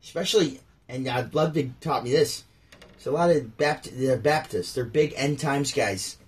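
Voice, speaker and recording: A man's voice: mid-range voice, moderate pace. A man reading scripture casually and riffing with slangy jokes on a stream. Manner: joking, slangy asides.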